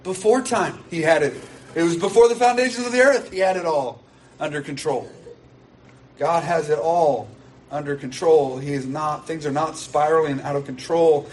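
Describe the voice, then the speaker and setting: A man's voice: on the high side, normal speed. A man preaching a sermon in an earnest, emphatic way, repeating key phrases to drive them home. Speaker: pastor. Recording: distant mic with faint background noise.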